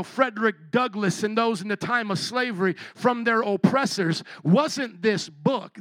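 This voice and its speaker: A man's voice: sits high, a bit bright, no room sound, poor audio. A male pastor from Chicago preaching a sermon, talking to his listeners and urging them to respond. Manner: preaching, urging the congregation to answer back.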